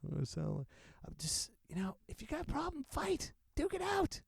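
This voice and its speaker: A man's voice: extremely high pitch, a little fast, creaky, no room sound. Dude ranting on his podcast, jokey, voice bouncing all over, close dry mic. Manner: animated, joking, laughs often. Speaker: podcast host. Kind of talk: unscripted comedic rant. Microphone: close podcast microphone.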